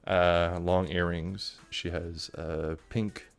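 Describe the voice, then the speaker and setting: A man's voice: sits low, flat delivery, slow pace, gravelly, soft background music. Rambling male game master. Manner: casual and rambling, with many fillers. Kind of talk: narrating a tabletop game.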